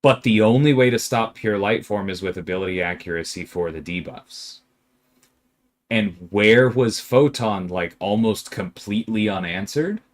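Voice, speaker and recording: A man with a lowish voice talks at a normal speed while streaming a game and chatting casually with viewers. He reads their questions aloud and answers them, sometimes ranting in an animated, emphatic, exasperated way and laughing along.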